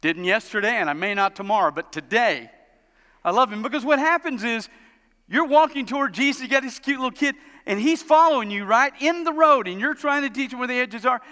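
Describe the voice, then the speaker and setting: A man preaching a sermon as a pastor, animated and storytelling, acting out the people he describes. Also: brisk. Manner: animated, acts out quoted parents in high voices. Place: church sanctuary. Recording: long hall reverb.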